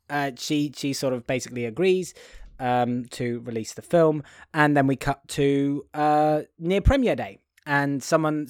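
Man, halting casual recap, lots of ums, dry close sound. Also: medium pitch, dry recording. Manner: halting, with frequent fillers and laughs. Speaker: podcast co-host. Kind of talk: casual film recap chat.

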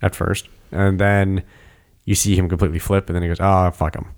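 Low-voiced man rambling about movies. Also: flat delivery, fairly quick, a little mellow. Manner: rambling, restarts sentences, acts out quotes. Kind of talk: casual movie review chat.

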